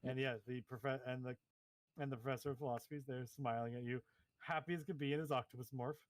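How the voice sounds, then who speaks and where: A man narrating and explaining rules as game master of a tabletop role-playing game, in a lively manner. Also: mid-range voice, fast talker, no room sound.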